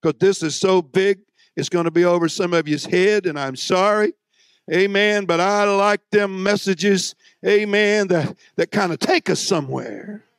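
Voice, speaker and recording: A man preaching a fiery sermon, emphatic and folksy, with drawn-out phrases that swing between loud and hushed, plus joking asides to the congregation. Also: high-pitched, clean tone, dry recording. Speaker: visiting preacher.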